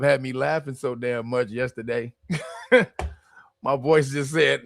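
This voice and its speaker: Hoarse, joking man on a livestream. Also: mid-range voice, steady tone, takes it slowly, long pauses, dry recording, studio quality. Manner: loose, profane, laughing banter. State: strained voice from screaming. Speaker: livestream host. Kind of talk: casual livestream chat.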